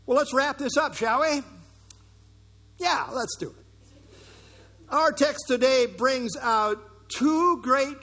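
A man pastor preaching a sermon in church, earnest and emphatic, slowing down to stress key phrases. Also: high-pitched, fairly bright tone, slightly rough.

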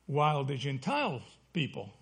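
A man teaches a Bible study in a conversational sermon style, often checking in with listeners through "okay?" and "right?" and correcting himself mid-phrase. His medium-pitched voice is sing-song, gravelly and husky, at normal speed.

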